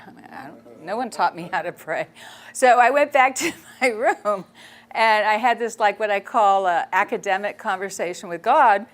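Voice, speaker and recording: A woman speaking to an audience in a lively storytelling manner, chatty and quick to laugh. Her voice sits at a middling pitch. She works as a photojournalist and talks to the audience directly. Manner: animated, chatty, laughs often. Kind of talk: storytelling public talk.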